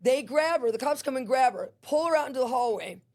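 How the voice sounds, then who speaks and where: A woman with a fairly high voice and a gravelly, fry-laden edge tells a personal testimony as an interview guest. She talks animatedly, acting out the scenes with little voices and sound effects. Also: expressive, fairly quick, a little mellow.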